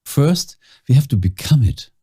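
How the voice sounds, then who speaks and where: Voice-over coach, male, very dark husky low voice, slow and reflective. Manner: slow, calm, thoughtful, dramatic pauses. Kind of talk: reflective talk to camera.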